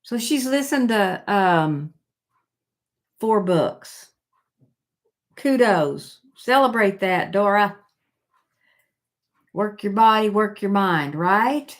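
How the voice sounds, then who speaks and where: An older woman hosts a casual live stream, chatting with viewers and haltingly reading their comments aloud, with lots of fillers and restarts. Her voice is mid-range and expressive.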